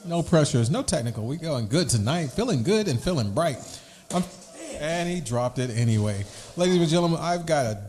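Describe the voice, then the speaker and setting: A man's voice: fairly high pitch, lively intonation, brisk, a little mellow, a little hiss or hum. A man co-hosting a casual podcast, rambling through his points and slipping into rhyming wordplay. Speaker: podcast co-host. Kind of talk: casual chat.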